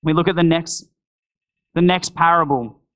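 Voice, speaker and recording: Guy preaching in church, earnest and pleading, slightly higher voice. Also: fairly even intonation, moderate pace, fairly bright tone, poor audio. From Australia. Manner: earnest, pleading, with prayerful asides. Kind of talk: sermon.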